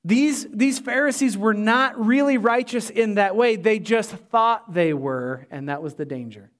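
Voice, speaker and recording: A middle-aged male pastor preaching a sermon to his church, emphatic, often dropping low and quiet to stress a point. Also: a little slow.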